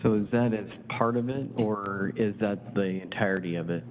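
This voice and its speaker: A man's voice: fairly low pitch, normal speed. A man on a council, thinking aloud and hedging as he weighs options in a meeting. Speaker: council member. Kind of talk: public meeting discussion. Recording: tinny phone-like audio with faint hiss.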